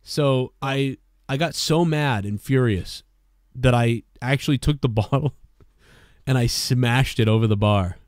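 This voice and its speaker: A man's voice: mid-range voice, measured pace, no echo, clean studio sound. A man telling a rambling, profane bar story in casual talk on a podcast. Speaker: podcast co-host.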